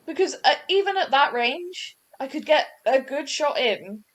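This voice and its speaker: A woman's voice: high-pitched, animated, a little slow, fairly bright tone. Chatty woman narrating gameplay. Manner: chatty, rambling, self-correcting. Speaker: gaming channel host. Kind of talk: casual gameplay commentary.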